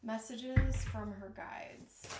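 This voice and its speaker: A woman giving a live-streamed tarot reading in a slow, soothing, reassuring way, tired from jet lag. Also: on the high side. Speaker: tarot reader. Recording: echoey room with clear background noise.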